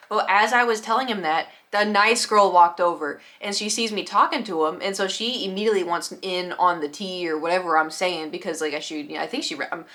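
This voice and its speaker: Fast, bright-voiced young woman vlogger. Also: lowish voice. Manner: animated, acts out other people's lines in quick quoted voices. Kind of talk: casual storytime.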